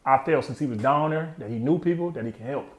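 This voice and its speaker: Recorded in an echoey room, this man in his thirties speaks fast in a mid-range voice as an interview guest. His candid personal account is streetwise and slang-heavy, often trailing away.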